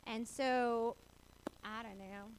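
A woman in her forties telling a personal faith story, animated and laughing often as she acts out the voices of people she quotes. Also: fairly high pitch, slow, a little hiss or hum, poor audio. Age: 40s.

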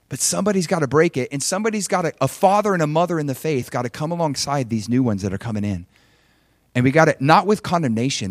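A middle-aged man preaching a sermon as a pastor, swinging from impassioned exhortation to quiet personal storytelling. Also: fairly high pitch, expressive, quick pace, dry recording, studio quality.

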